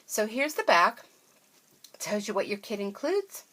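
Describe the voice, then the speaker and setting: A woman, a craft vlogger, chatting casually through an unboxing, gushing and easily excited, tired and yawning now and then. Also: mid-range voice, unhurried.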